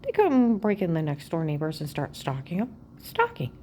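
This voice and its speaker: With a deep voice and big swings in pitch, a woman vlogger rants briskly to the camera in a rambling, aggrieved personal monologue. She leaps between claims, often dropping to a half-whisper, and a little hiss or hum sits under the audio.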